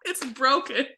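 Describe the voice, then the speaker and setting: A woman hosting a podcast, chatting casually and excitably, laughing often. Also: sits high. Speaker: podcast host. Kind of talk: casual chat.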